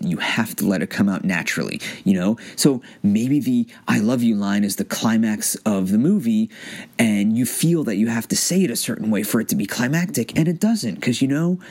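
A man talking casually to the camera about an acting method, pausing and restarting often. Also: on the low side, darkish tone, breathy edge. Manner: halting, many restarts and fillers. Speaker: amateur actor reviewing an acting book.

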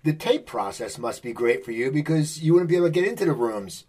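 Male host, husky voice, long winding questions. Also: on the high side, lively intonation, brisk, a little mellow. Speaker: interviewer, host. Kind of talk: interview questions.

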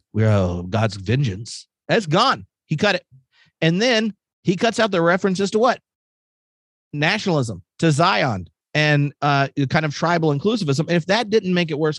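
A man giving a casual, animated theological talk, full of fillers like "like" and "um". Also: fairly high pitch, no room sound. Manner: animated, filler-heavy, conversational. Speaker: podcast guest speaker.

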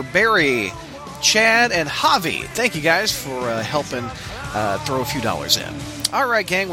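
A man hosting a casual podcast, giving an upbeat, announcer-like intro. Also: on the high side. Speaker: podcast host. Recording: music bed under voice.

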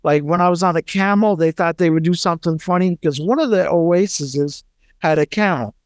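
A man's voice: fairly high pitch, normal speed, clear, resonant tone, no room sound, studio quality. A man in his thirties co-hosting a podcast, telling stories animatedly with profanity and laughter. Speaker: podcast co-host. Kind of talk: casual storytelling.

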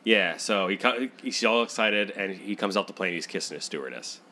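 A young man co-hosting a casual movie podcast, animated and jokey. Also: low voice, brisk. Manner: animated, jokey, puts on brief voices. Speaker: podcast co-host.

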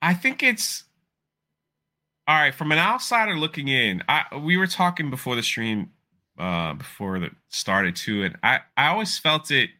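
A man's voice: medium pitch, big pitch swings, normal speed, sharp tone. A man hosting a casual livestreamed interview podcast, rambling and reading chat messages aloud. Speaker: podcast host.

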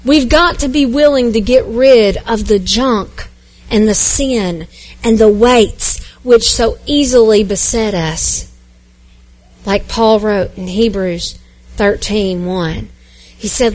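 High-voiced woman pastor preaching earnestly. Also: slow pace, a little mellow. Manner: earnest, repetitive preaching with rising emphasis. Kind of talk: sermon.

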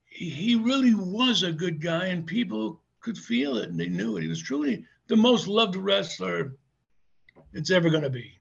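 An older former wrestler tells his stories with a high, raspy voice, chuckling as he goes and stumbling over his restarts. He has a gravelly edge, and the recording sounds dull and lo-fi. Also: very animated, normal speed. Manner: rambling, chuckling, many restarts. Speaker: interview guest, former pro wrestler. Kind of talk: casual anecdotal storytelling.

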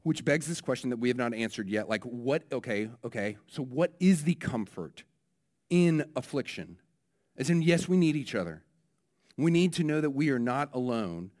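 A man gives a sermon at a middle pitch. He talks casually and loosely, with lots of "like" and false starts. His delivery is that of a pastor chatting with his congregation. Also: expressive, normal speed, a little mellow. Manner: conversational, with frequent restarts and "like".

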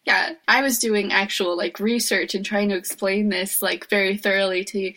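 A woman's voice: medium pitch, steady tone, normal speed, fairly bright tone. A woman co-hosting a casual podcast chat, talking in a matter-of-fact, teasing way. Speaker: podcast co-host.

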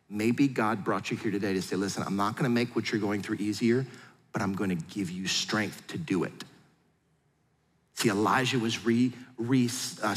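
A middle-aged male pastor preaching a sermon in a lively, conversational way, acting out quotes as he goes. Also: mid-range voice. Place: large church hall. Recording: long hall reverb.

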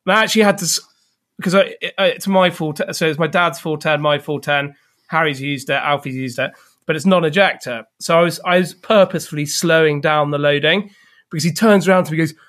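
A man guest in casual podcast chat, telling a story in a laid-back, halting way. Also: a little high, a bit bright.

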